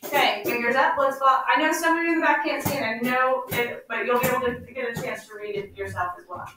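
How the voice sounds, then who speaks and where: Bright high-pitched lady teacher quizzing kids back and forth, echoey classroom, mic far off. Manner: call-and-response prompting, slows down to stress words. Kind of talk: classroom instruction. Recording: echoey room, mic far off, faint noise.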